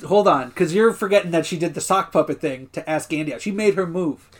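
A man co-hosting a podcast, casually recapping TV episodes in a lively way with frequent laughter. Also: on the high side, brisk. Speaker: podcast co-host.

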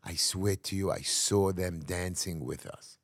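Elderly survivor father voiced by a man, solemn and insistent, low voice, dry close recording. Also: measured pace, no echo.

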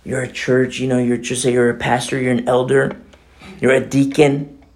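A pastor giving a conversational sermon, animated and emphatic, at times dropping to a hushed near-whisper. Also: male voice, medium pitch, normal speed.

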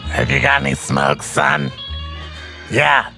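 A man voicing a crude, brash old woman prostitute in a slow drawl. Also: mid-range voice, very animated, vocal fry, pushed and bright, soft background music, heavily acted.

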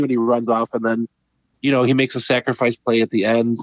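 A man's voice: medium pitch, level tone, fast talker, dry recording. A man co-hosting a casual film discussion, talking animatedly and acting out characters' lines. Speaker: podcast co-host. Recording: dull lo-fi sound.

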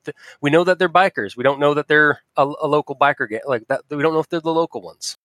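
A man voicing a farmer in his fifties with a Southern Ohio accent, talking in a halting, hesitant way. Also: on the high side, a bit bright, dry recording, clean studio sound, natural voice. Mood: cautious. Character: fifties male farmer, cautious, folksy.

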